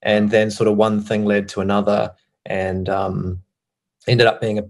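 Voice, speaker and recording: A man in his thirties speaks in a fairly low voice, relaxed and a little hesitant. He talks as a podcast guest, filling his sentences with ums and restarts. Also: moderate pace. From United Kingdom. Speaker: podcast guest, former pastor. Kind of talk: casual interview conversation.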